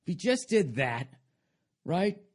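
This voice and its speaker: A man's voice: sits high, sing-song, takes it slowly. A man hosting a podcast, delivering a rambling, sarcastic comedic rant full of swearing. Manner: sarcastic, self-mocking. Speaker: podcast host.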